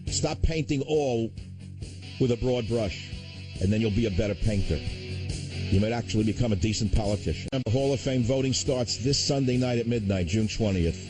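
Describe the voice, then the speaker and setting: A man's voice: mid-range voice, moderate pace, music in the background, low-quality recording. A man hosting a political talk radio show, ranting in a combative, insulting manner.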